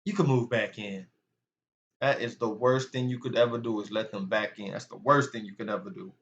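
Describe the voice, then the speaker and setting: A man's voice: lowish voice, steady tone, fast talker, vocal fry, fairly bright tone, dull audio, slight background noise. A man giving a casual sermon-style Bible lesson, talking to his viewers as family. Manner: conversational, addresses viewers as family. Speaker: online Bible teacher.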